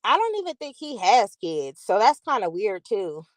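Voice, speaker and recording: A woman's voice: medium pitch, normal speed, dry recording. Chatty woman with a dry, close sound. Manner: chatty, animated, talks straight to viewers. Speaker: channel host. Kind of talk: casual commentary to a live chat.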